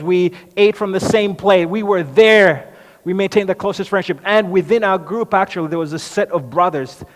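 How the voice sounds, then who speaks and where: A man's voice: on the high side, natural voice. A man speaking in character as the apostle Peter, an outspoken, impulsive fisherman, in an earnest monologue that questions the audience directly. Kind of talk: dramatic first-person monologue. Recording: echoey hall reverb.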